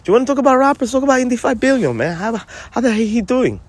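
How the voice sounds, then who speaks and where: A man's voice: racing, no room sound, exaggerated voice. A man voicing a sassy, bossy cohost who teases his partner and calls him honey, in a comedy sketch. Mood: scolding. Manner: teasing, scolding, high and animated.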